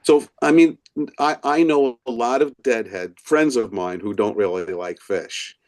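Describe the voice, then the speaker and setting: A man's voice: medium pitch, a little slow. A middle-aged man, an author and professor, telling stories in a casual interview and acting out the voices of people he quotes. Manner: animated storyteller who acts out quoted voices. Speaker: author and professor, podcast guest.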